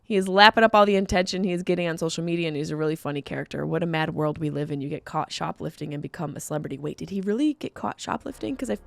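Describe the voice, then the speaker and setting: A woman comedian hosting her podcast, talking casually and jumping into high, loud exclaims. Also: very fast, creaky, hardly any pauses, no echo. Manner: animated, jumps into high exclaims.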